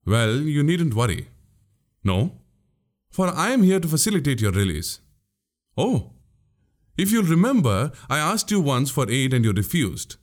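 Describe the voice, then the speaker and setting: A man's voice: medium pitch, sing-song, measured pace, long pauses. A man voicing a crafty older male spy in an audiobook, needling and mocking with pointed questions. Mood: prodding. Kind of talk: audiobook character voice.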